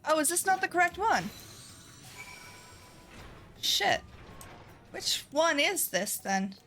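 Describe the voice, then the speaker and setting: Sleepy woman streamer, bright voice. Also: very high voice, very animated, slow pace, soft background music. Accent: put-on Irish that slips into Southern US. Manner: rambling, sweary, giggly. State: sleepy and foggy on painkillers. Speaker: game streamer. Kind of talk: casual live-stream chat while gaming.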